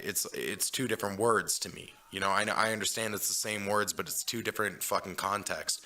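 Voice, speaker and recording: A man's voice: low voice, steady tone, moderate pace, few pauses, sharp tone. A man hosting a casual podcast chat, rambling and swearing, peppering his talk with "you know what I'm saying.". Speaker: podcast host.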